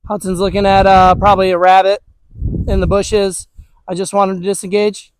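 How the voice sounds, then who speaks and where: High-voiced man teaching dog recall. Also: fairly quick, no room sound, rough recording. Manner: relaxed, chatty, many fillers like "all right". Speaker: dog trainer. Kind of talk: casual instructional talk. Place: outdoors with dogs.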